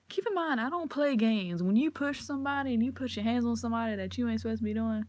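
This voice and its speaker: A woman's voice: a little high, brisk, dry recording. Profane ranting woman vlogger. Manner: profane, animated storytelling, acts out quotes. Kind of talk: casual ranting monologue.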